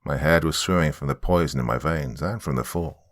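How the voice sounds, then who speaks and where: Very deep-voiced man narrating horror. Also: a little fast. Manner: dramatic first-person storytelling. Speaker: horror podcast host and narrator.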